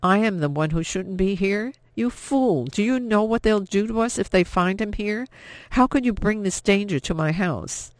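A scared, angry young Frenchwoman speaks in a raised, sharp voice, put on by a man. Her anxious lines climb toward fury, with a gravelly undertone. The sound is dry and close. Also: fairly high pitch, very animated, a little slow, hardly any pauses, dry recording, full character voice. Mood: furious.

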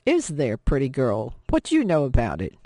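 A woman's voice: rumbling low, huge pitch swings, moderate pace, warm tone, no room sound, voice pushed down, heavily acted. A woman voicing a brusque young male ex-convict in an audiobook, curt and teasing. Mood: mocking. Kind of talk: audiobook character voice.

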